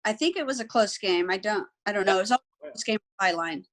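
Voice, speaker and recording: A woman around thirty talks from home over a video call as an interview guest. She speaks in an easygoing, modest way and often hedges what she remembers. Her voice sits at an ordinary middle pitch. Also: expressive, quick pace. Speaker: interview guest, former college athlete. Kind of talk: casual interview.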